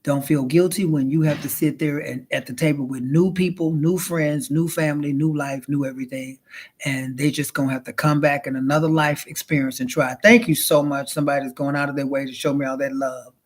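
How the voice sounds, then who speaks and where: A woman's voice: low voice, steady tone, brisk. Sassy lady rambling on her livestream, drawly, honey this honey that. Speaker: livestream host. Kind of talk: casual comedic livestream chat.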